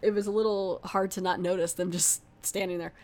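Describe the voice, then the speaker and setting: A woman's voice: fairly low pitch, steady tone, a little fast, darkish tone. A woman giving a casual, rambling movie review, full of fillers and asides.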